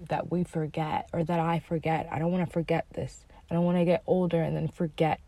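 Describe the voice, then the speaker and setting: Low gravelly woman, rambling spiritual talk. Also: flat delivery, brisk, warm tone, dry recording. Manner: rambling and emphatic, swears often, drops to whispers at times. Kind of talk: casual spiritual monologue.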